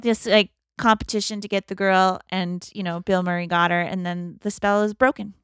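A woman recaps a film for laughs, tumbling through the story with constant "like"s. She jumps into little voices for each character along the way. Her voice sits at a middle pitch and the recording is dry and close. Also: moderate pace, smooth, no room sound. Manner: animated storyteller, acts out quotes, lots of "like". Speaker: podcast co-host. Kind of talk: casual comedic movie recap.

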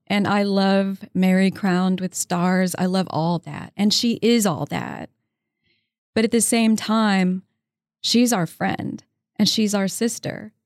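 A woman shares stories in a relaxed interview. She has a mid-range voice and speaks with warm, eager enthusiasm. The recording is dry and close. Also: mid-range voice, no echo. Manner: warm, storytelling, enthusiastic about her faith. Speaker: guest author. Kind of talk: casual interview conversation.

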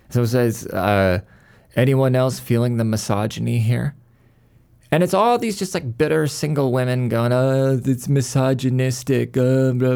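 A man's voice: medium pitch, gravelly, darkish tone. A male podcast host in a worked-up, profane monologue, stumbling over restarts as he rants.

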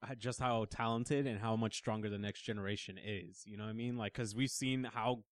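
A man co-hosting a casual podcast in a relaxed way, often restarting his sentences. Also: on the low side, brisk, dry recording, clean studio sound. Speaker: podcast co-host. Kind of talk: casual group chat.

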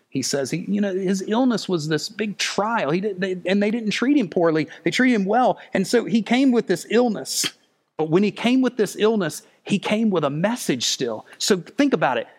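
A man preaching a sermon as pastor, earnest and pleading, rising louder and higher as he presses his points.

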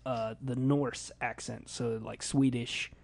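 A man's voice: mid-range voice, takes it slowly, creaky, no echo. A man from a small town in Indiana with a Midwestern accent, hosting a casual podcast chat, joking and laughing often. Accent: Midwestern American. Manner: laughs often, self-mocking, lively joking banter. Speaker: podcast host. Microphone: studio mic on a spring arm.

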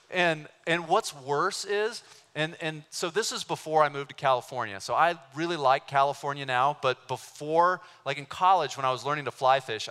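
A man preaching a sermon, telling a personal story in an animated way and acting out the voices of people he quotes. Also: mid-range voice, smooth. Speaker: pastor. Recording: long hall reverb.

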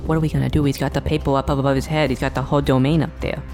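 A man improvising a comedy scene in a goofy, excitable way. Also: medium pitch, racing, faint music behind.

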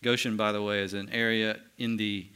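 A man teaching scripture to a small group, his voice bright and cleanly focused. He talks conversationally, stopping to quiz the listeners and warmly confirming their replies. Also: fairly low pitch, level tone, brisk, clean tone. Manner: asks the group questions and affirms answers; conversational with restarts. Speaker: pastor teaching a Bible study. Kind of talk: interactive Bible teaching.

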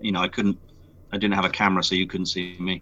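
Bright man on a dull lo-fi call. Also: deep voice, rapid-fire. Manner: animated, excitable storyteller. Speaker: voice actor guest. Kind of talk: casual interview chat.

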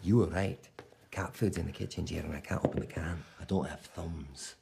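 Gravelly Scottish cat. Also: male voice, sits low, steady tone, brisk, noisy background. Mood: scornful. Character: foul-mouthed scheming male pet cat.

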